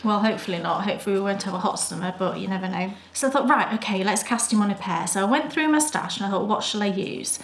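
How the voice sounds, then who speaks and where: A British woman co-hosting a knitting podcast, chatting and gushing warmly over her projects. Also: mid-range voice, fast, hardly any pauses. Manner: chatty and enthusiastic, gushing praise. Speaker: podcast co-host. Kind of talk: casual chat. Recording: roomy echo.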